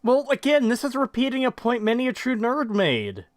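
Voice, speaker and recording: Animated young man riffing casually. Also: very high-pitched. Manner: joking, rambling, quick to laugh. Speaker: podcast co-host. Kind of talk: casual commentary chat.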